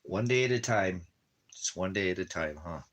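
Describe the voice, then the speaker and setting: A man's voice: sits low, moderate pace, a bit bright, highs cut off. A man talking casually at home, rambling and repeating himself, cooing to his dog and drifting into preachy religious talk. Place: at home in the desert.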